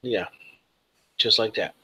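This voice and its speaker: A man's voice: slow pace, pushed and bright. A man narrating as game master of a tabletop game, in a laid-back way.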